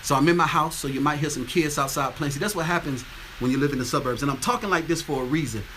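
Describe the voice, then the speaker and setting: Guy on a phone stream from his house, bright punchy voice, keeps shouting out viewers and repeating his sayings. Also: on the high side, fast, slight background noise. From Atlanta, Georgia. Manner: greets viewers by name, repeats catchphrases. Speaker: livestream host. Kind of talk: casual livestream chat. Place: home with windows open.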